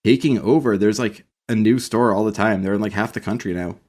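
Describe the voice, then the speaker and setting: A man's voice: on the low side, fairly quick, a little mellow. A man co-hosting a podcast, chatting casually about a sitcom, swearing freely and laughing often. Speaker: podcast co-host. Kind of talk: casual chat recapping a sitcom.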